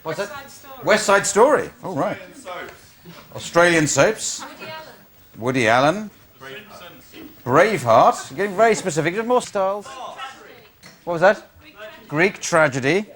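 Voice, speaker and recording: A man's voice: high-pitched, lively intonation, unhurried, pauses often, fairly bright tone. A man hosting an improv comedy show, setting up games with dry, wry asides before a studio audience. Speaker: host. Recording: studio audience laughter and noise.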